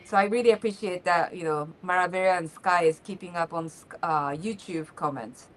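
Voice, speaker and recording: A woman's voice: fairly low pitch, normal speed, slight background noise. A woman co-hosting a casual livestream from her kitchen, chatty and effusive. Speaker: livestream co-host. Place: home kitchen.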